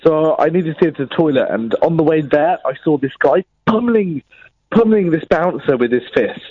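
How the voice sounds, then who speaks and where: A male caller on a radio phone-in, telling his story in a flat, matter-of-fact way. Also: on the high side, fairly quick, breathy edge, no echo. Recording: dull phone line.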